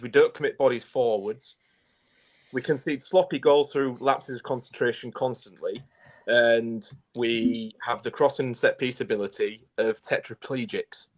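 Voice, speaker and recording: Blunt male co-host, middle pitch, talks in restarts and repeats. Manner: blunt, repeats words while thinking. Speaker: podcast co-host. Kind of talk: casual football chat.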